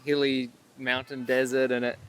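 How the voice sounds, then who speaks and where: A man's voice: medium pitch, little pitch movement, moderate pace, fairly bright tone, slight background noise. A young man in his twenties, a media missionary guest, telling stories in an earnest way. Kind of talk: casual interview chat.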